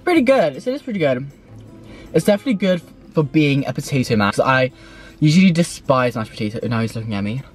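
Excitable chatty man. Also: medium pitch, fast, soft background music. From Sweden. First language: Swedish. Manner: chatty, excitable and rambling, swears freely. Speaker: food vlogger. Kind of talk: casual food review vlog. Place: in a car while driving.

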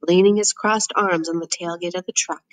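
Low-voiced woman reading a novel. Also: steady tone, moderate pace, no echo, poor audio. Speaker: audiobook narrator. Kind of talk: first-person novel reading.

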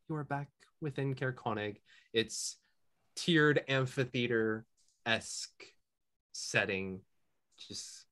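A man narrating as game master in a tabletop game, with a relaxed, rambling way of talking. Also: lowish voice.

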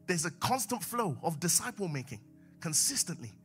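A man preaching a sermon in a church, swinging from low asides to raised exhortation. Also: big pitch swings, normal speed, fairly bright tone, faint music behind.

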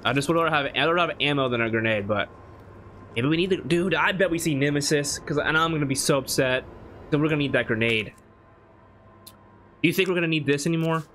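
A man narrating his own horror game run, muttering plans and then shouting in panic when chased. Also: a little high, fast, long pauses, slight background noise. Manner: swings from mumbled planning to panicked yelling. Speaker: gaming YouTuber. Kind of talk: let's play commentary.

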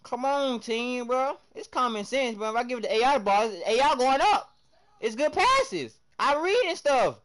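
A young man streaming live, excitably commenting on his game, shouting at teammates and chatting with viewers in heavy slang. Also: very high-pitched, moderate pace. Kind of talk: live gameplay commentary and chat reading.

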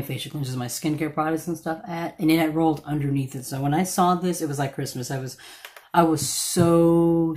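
A woman with a notably low-pitched voice talks through a makeup tutorial in a relaxed, chatty way. Her voice has a slight croak from allergies, and she often stops mid-sentence to correct herself. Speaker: beauty vlogger. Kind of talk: casual makeup tutorial chat.

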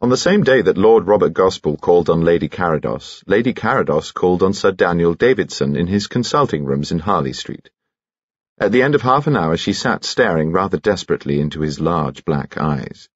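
Deep, husky male audiobook narrator. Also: animated, a little fast, dry recording, highs cut off. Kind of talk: scripted narration.

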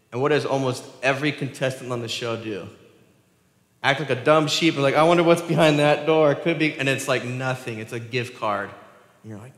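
A man giving a conversational sermon as a pastor. He talks in an animated way and keeps asking the congregation "right?". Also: mid-range voice. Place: church sanctuary. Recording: echoey church hall with long reverb.

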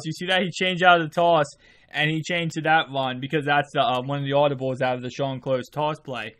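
Still groggy from just waking up, a man runs his video game channel with loose, wandering commentary over his gameplay, punctuated by sudden bursts of excitement. His voice is fairly high and his pace is brisk.

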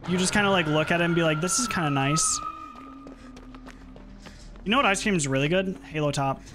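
A young man casually chatting and swearing while streaming a horror game, reacting loudly when frustrated. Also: a little high, rapid-fire, noisy background. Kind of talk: casual gaming stream chat.

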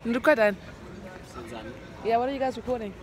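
A woman's voice: a little high, moderate pace. A young South African woman, a student, chatting candidly into her phone camera, confiding and shifting between giddy and tearful. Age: young adult. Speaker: vlogger, student. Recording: phone vlog with background noise.

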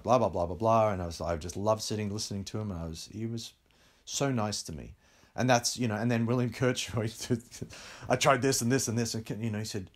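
An English-born middle-aged man, a film director, telling anecdotes in a casual interview with laughs along the way. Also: on the low side. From England. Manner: animated storyteller, laughs while talking.

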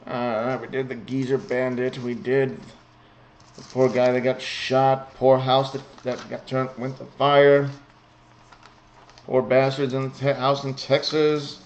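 A man's voice: mid-range voice, flat delivery, unhurried, slight background noise. A man giving casual, sarcastic commentary on news stories from home. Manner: sarcastic, blunt, chuckles often. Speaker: vlogger reading news. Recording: slightly muffled lo-fi home recording.

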